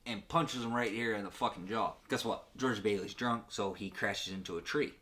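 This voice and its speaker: A man's voice: on the low side, normal speed. A man giving a crude, profane comedic recap of an old film, acting out the characters' lines. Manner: crude, animated retelling with acted-out quotes. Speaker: guest comedian.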